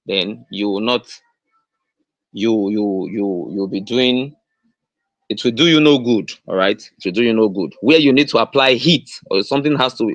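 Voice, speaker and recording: Earnest Nigerian-accented male host, unhurried delivery, repeats his points, dry recording. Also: lowish voice, a bit bright, dry recording. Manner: repeats key phrases, stressing them slowly; earnest, with many fillers and restarts. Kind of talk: motivational livestream talk.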